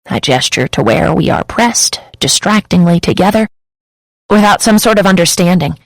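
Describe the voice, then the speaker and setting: A woman's voice: lowish voice, expressive, normal speed, no room sound, rough recording. A woman reading a first-person romance audiobook in an intimate, emotive way on a close studio mic. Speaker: audiobook narrator.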